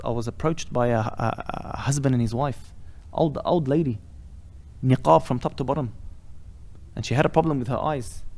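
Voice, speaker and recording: A man's voice: medium pitch, gravelly, a little mellow. A man delivering an impassioned sermon as a sheikh, building to emphatic rhetorical questions and reciting Arabic phrases. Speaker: sheikh giving a weekly lesson.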